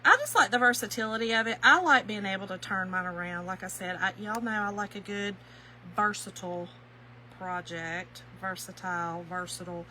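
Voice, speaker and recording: A woman's voice: medium pitch, a little fast, hardly any pauses, slight background noise, poor audio. A woman with a Kentucky accent, hosting a chatty craft live stream, greeting viewers by name and laughing easily. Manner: folksy, warm-hearted chatter, often says y'all, laughs easily. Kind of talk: chatty craft tutorial, reading viewer comments.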